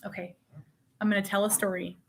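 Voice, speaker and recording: A woman's voice: medium pitch, level tone, fairly quick, a little hiss or hum. A woman in her forties vlogging at home, talking to her young son in a playful, teasing, sing-song way. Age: 40s. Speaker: mother vlogging. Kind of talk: casual home vlog.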